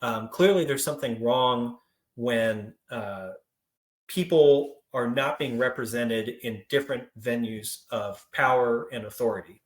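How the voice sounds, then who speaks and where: A young adult man from Central Kentucky leading a training presentation, telling stories in a relaxed, conversational way with frequent fillers. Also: medium pitch, measured pace. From Central Kentucky, United States. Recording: roomy echo.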